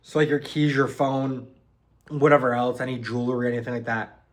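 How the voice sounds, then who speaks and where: A man's voice: mid-range voice, fairly even intonation, brisk. A young man telling a story in a casual, rambling way, full of fillers and swearing. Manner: rambling, lots of "like" and "um", swears freely. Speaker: vlogger recounting boot camp.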